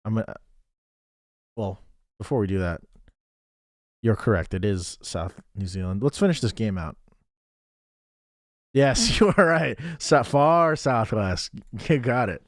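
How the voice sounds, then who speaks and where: A man's voice: fairly low pitch, lively intonation, a little slow, pauses often, no room sound, clean studio sound. A man streaming a geography game, thinking aloud in a chatty way and thanking viewers as he plays. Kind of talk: casual live-stream game commentary.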